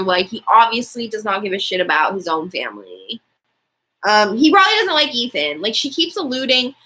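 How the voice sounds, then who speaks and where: A woman's voice: fairly high pitch, pushed and bright. A young woman giving casual reaction commentary, blunt and profane, rambling with lots of filler words.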